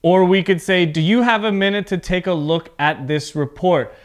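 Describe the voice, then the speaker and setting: A man teaching an English pronunciation lesson on video, speaking deliberately, enunciating each word and repeating words for his students. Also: high voice. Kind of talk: slow, clear pronunciation lesson. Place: home recording for video.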